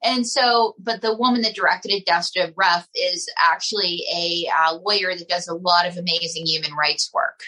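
Husky, bright-voiced chatty woman. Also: on the low side, steady tone, normal speed, few pauses, low-quality recording. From United States. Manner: chatty, rambling, with many fillers. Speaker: comedian and ventriloquist guest. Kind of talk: casual interview chat.

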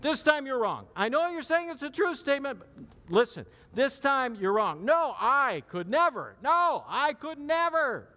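A man voicing a boastful, overconfident disciple who insists loudly he will never fail. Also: extremely high pitch, sing-song, measured pace, pitched above the performer's own voice, full character voice. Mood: insistent. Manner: insistent, protesting, cocky. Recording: long hall reverb.

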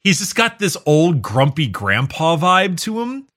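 A man's voice: on the high side, very animated, a little slow, a bit bright. A man co-hosting a podcast, telling stories with enthusiasm in a rambling, casual way. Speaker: podcast co-host. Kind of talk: casual chat.

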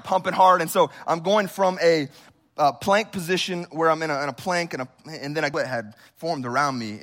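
A pastor in his thirties telling a funny personal story during a sermon, animated and humorous. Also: mid-range voice.

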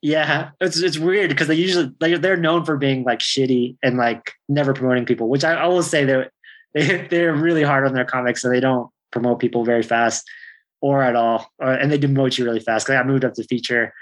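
Laid back guy comic rambling thru a story, swears a lot, mid pitch. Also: fairly even intonation, a little fast. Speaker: stand-up comedian, guest. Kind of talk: casual chat.

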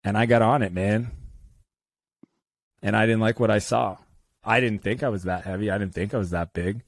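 A man in his thirties, a guest author telling stories in a podcast interview, lively and acting out the voices of others. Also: moderate pace, dry recording, studio quality. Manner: animated, acts out quoted voices with big pitch jumps.

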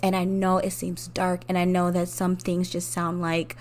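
A woman's voice: fairly low pitch, completely flat delivery, moderate pace. Earnest woman hosting a heartfelt podcast. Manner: earnest, heartfelt, with soft laughs and rising emphasis; speaks directly to the listener. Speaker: podcast host. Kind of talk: personal reflective monologue.

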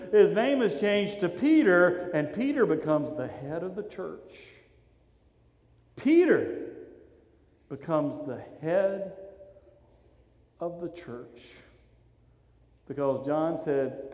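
A man, preaching a sermon in a conversational, animated storytelling way. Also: a little high. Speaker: pastor. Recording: roomy, reverberant, dull sound from a hall.

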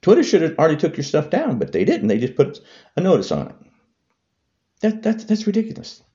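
Speaking a little fast, a male vlogger with a mellow voice rages about politics to camera, piling on repeated insults. His pitch swoops wildly up and down in a heated delivery, and the highs are cut off.

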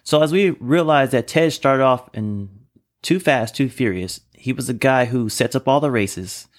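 A man co-hosts a podcast, chatting casually and steering the conversation with his rambling opinions. He has a mid-range voice and a measured pace.

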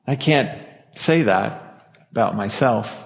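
A man's voice: lowish voice, animated, slow pace, vocal fry. A pastor delivering a Christmas sermon in a church before a masked congregation, talking conversationally and joking at his own expense. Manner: conversational preaching with self-deprecating jokes. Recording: long hall reverb.

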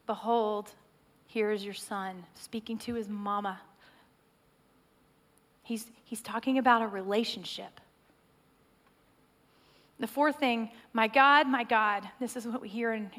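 Woman preacher, slightly high voice, earnest sermon delivery with rhythmic, building cadence. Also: a bit bright.

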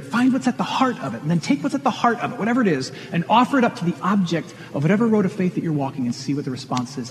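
A man's voice: high-pitched, very animated, fast, hardly any pauses, slight background noise. Earnest preaching man in a reverberant hall. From Michigan. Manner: earnest, conversational preaching with rhetorical questions. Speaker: pastor. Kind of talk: sermon. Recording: long reverb of a large hall.

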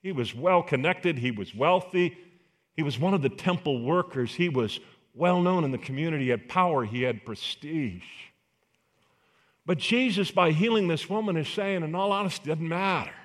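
A man's voice: a little high, normal speed. A male pastor preaching a sermon, acting out the voices of the people in a Bible story. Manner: animated, acts out voices of biblical figures.

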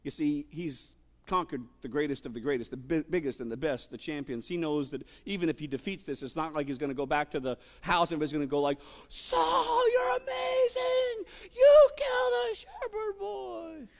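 A man preaching a sermon with impassioned emphasis and wide swings in loudness. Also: a little high, fast. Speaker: pastor. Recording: long hall reverb.

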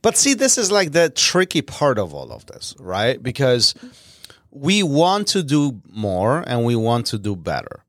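Lively man from Poland, dry studio sound. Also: mid-range voice, measured pace, dry recording. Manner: animated, laughs often, acts out voices in his stories. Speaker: podcast co-host. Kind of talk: casual chat, storytelling.

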